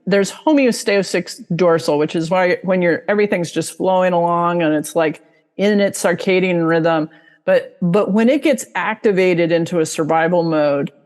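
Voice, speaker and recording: A woman's voice: on the low side, darkish tone, big-room sound. A woman giving a casual online talk as a guest expert, chatty and full of fillers, now and then acting out inner voices. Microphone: video call mic.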